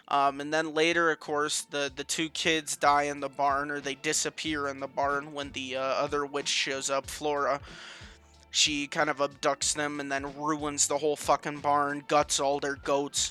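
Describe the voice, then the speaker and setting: Bright, clear-voiced young man reviewing a film. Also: on the high side. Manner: casual, rambling with many fillers and swearing. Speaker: movie reviewer. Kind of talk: casual movie review.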